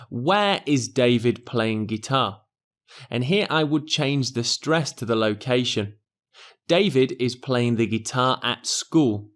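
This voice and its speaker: A man teaching an exam pronunciation lesson in a clear, deliberate scripted delivery that stresses key words. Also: mid-range voice.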